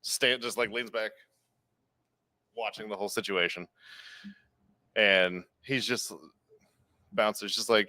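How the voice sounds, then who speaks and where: Podcast guy telling a bar story, lowish voice, acts out the lines, dead dry room. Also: slow pace, pauses often, dry recording. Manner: animated, acts out quotes with big jumps in pitch. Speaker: podcast co-host, bar worker. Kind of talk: casual storytelling.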